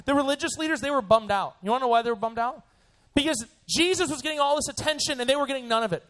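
A young man, a youth pastor, giving a joking, animated sermon to students. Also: extremely high pitch, racing. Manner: animated and joking, acts out voices.

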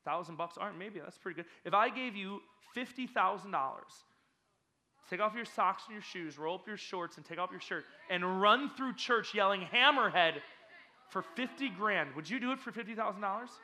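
A man speaking as a youth pastor to a group of kids, energetic and teasing, quizzing the audience with playful questions. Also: sits high, fairly quick. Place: church hall.

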